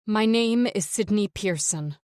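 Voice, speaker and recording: A woman's voice: medium pitch, unhurried, a little mellow, clear, resonant tone, dry recording, clean studio sound, voice pushed up, close to an everyday voice. A woman narrator voicing a panicked woman calling emergency services, pleading desperately. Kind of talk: audiobook character voice.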